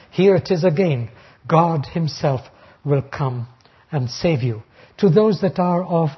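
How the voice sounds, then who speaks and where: A man preaching an expository sermon, reading Bible verses slowly and then explaining them deliberately. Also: a little high, breathy edge. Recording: dull lo-fi recording.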